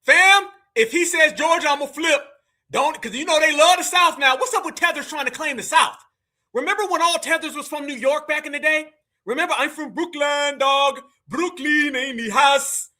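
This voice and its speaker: Loud, very high, bright-voiced male host. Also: a little fast. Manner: loud, mocking, often shouting. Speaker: livestream host reacting to a clip. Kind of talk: heated commentary.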